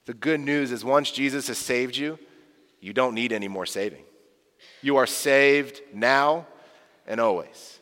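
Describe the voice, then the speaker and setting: A man preaching a sermon as a pastor, earnest and animated, acting out the voices of the people he quotes. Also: medium pitch, unhurried, long reverb tail.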